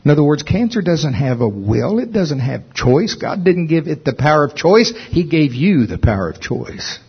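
A man preaching a sermon with emphatic delivery, rising in pitch when stirred. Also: sing-song, moderate pace, slightly rough, lo-fi sound. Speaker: pastor.

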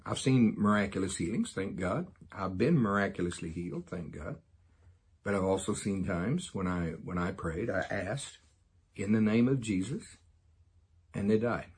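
A man giving informal Bible teaching in a folksy, excitable way, with jokey asides and chuckles. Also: fairly low pitch, slightly rough.

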